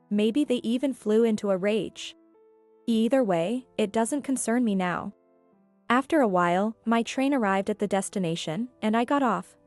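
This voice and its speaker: Calm woman narrating a story. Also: mid-range voice, no room sound. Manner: calm, measured. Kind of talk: scripted first-person story narration. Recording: dry with faint music.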